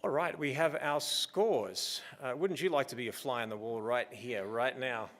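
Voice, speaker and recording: A man's voice: medium pitch, moderate pace, fairly bright tone. Man announcing a live awards stream. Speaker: awards livestream host.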